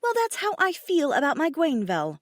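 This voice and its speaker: A woman's voice: high voice, wildly swooping pitch, moderate pace, no room sound, studio quality, voice pushed up. A woman voicing a proud, furious female dragon queen scolding her mate in an audiobook. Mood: indignant. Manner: sharp, indignant, raised voice.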